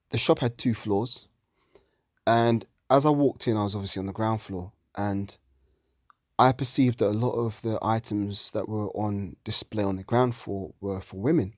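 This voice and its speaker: A man's voice: fairly low pitch, no echo, studio quality. A man gives a heated religious commentary monologue, ranting and swearing often.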